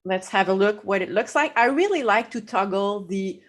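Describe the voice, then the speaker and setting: A woman's voice: mid-range voice, expressive. A woman with a French accent walking viewers through a photo edit step by step, laughing easily. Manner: slow, explanatory, laughs easily. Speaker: guest photographer. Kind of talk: live photo-editing demo.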